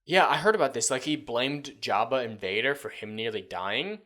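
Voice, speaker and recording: A man's voice: mid-range voice, normal speed, hardly any pauses, fairly bright tone. Sarcastic ranting man reacting to an article. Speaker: commentary channel host. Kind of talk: reaction commentary reading an article.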